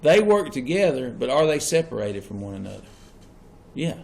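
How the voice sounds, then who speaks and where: A man's voice: medium pitch, sing-song, normal speed, gravelly. A man teaching a class, often checking whether his students follow. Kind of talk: classroom lecture.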